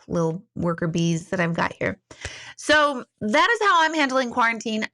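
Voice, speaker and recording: A woman's voice: mid-range voice, sharp tone. A middle-aged woman chatting candidly on a live stream, slightly tipsy after a couple of glasses of wine, swearing casually. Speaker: livestream host.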